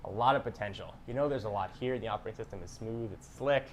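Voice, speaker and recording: A man gives a measured, scripted tech review. His delivery is plain and explanatory. There is faint hiss from an older archived recording. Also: on the low side.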